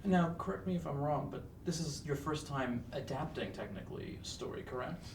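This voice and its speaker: Fast-talking interviewer, off-mic and echoey. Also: mid-range voice, expressive, distant mic, background noise. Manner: rambling questions, fillers, bursts of laughter. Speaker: entertainment interviewer. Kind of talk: casual press interview.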